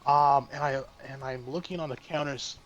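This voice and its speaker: A man's voice: mid-range voice, fairly even intonation, moderate pace, lo-fi sound. A man who is a streamer guest, casually telling a story in a rambling way full of restarts. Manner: rambling, with many restarts and fillers.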